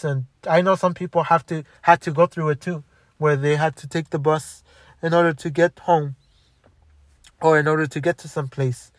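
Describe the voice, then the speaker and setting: Young man venting about his past, bitter and profane, rambling, somewhat high pitch, dry recording. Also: fairly even intonation, moderate pace, dry recording. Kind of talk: angry personal storytelling monologue.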